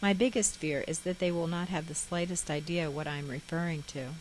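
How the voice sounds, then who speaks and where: A woman reading her own memoir aloud in a measured, reflective way. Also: sits low, fairly even intonation, a little hiss or hum, poor audio. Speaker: memoir author.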